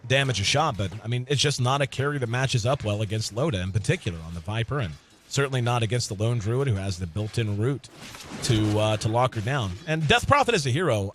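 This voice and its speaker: A man's voice: medium pitch, fairly bright tone, a little hiss or hum. Chatty man calling a live video game match. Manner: conversational, thinks aloud with fillers, laughs easily. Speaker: esports commentator.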